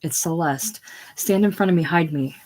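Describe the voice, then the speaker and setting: A reader voicing an anxious, secretive middle-aged woman in a casual play reading, halting and breaking off mid-sentence. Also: medium pitch, a little mellow, lightly acted, low-quality recording. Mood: fretful.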